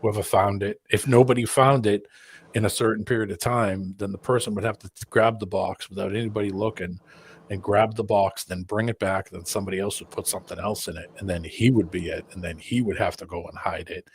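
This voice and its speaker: A man chatting as a guest on a video call, telling rambling stories with halting restarts. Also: lowish voice, fairly even intonation, a little hiss or hum. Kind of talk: casual chat.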